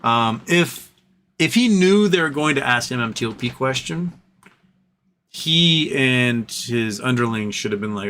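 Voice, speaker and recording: A man's voice: medium pitch, animated, unhurried, sharp tone. A man hosting a casual livestream, reading chat messages aloud and answering them in an earnest, rambling way with frequent restarts.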